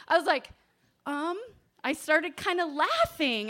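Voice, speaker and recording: Animated woman telling a personal story. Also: high-pitched, measured pace. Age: adult parent. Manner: animated, swings from hushed to loud exclamations. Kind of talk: personal story told to an audience.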